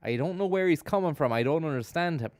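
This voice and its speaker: A man's voice: fairly high pitch, lively intonation, fast, no room sound. A man riffs sardonically over a video on his live stream, rambling and cursing as he goes. His voice is close and dry, with no room sound behind it. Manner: sardonic, rambling, swears freely. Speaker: streamer host. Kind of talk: casual live-stream commentary.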